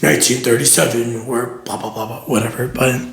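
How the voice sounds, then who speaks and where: A man co-hosting a podcast in casual chat, joking and rambling with plenty of swearing, his voice hoarse and half gone. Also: mid-range voice, fairly even intonation, fairly quick, noisy background. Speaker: podcast co-host.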